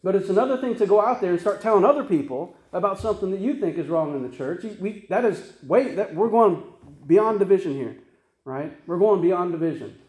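High-voiced pastor in echoey room. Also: male voice, a little mellow. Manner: earnest, conversational, frequent restarts and tag questions. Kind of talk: sermon.

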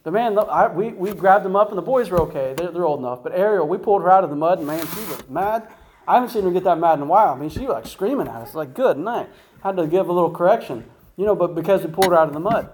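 A man's voice: high voice, animated, racing, a little mellow, slight background noise, rough recording. Chatty man preaching with rhetorical questions. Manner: conversational, asks rhetorical questions, says "right?" and "guess what?" often. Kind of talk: informal Bible teaching.

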